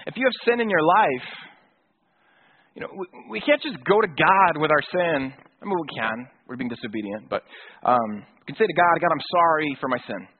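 A man's voice: fairly high pitch, lively intonation, normal speed, slightly rough. A man preaching a sermon in a casual, conversational way, with slang and acted-out quotes. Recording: tinny phone-like sound.

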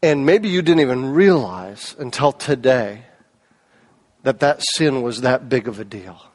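A man preaching a sermon as a pastor, animated, with hushed low moments and raised emphatic peaks. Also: a little slow.

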